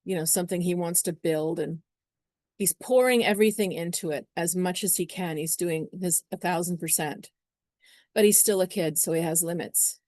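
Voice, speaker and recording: A woman's voice: fairly low pitch, normal speed, a little mellow, dry recording, studio quality. A woman astrologer talking casually to her viewers, chatty and meandering, slipping into acted-out little scenes. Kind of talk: casual astrology talk to camera.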